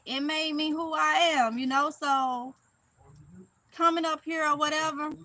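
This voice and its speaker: Bright high-voiced Mississippi woman. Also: dry recording. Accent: Mississippi Southern. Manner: chatty, animated, laughs often. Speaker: vlogger reading live chat. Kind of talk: casual live-stream chat.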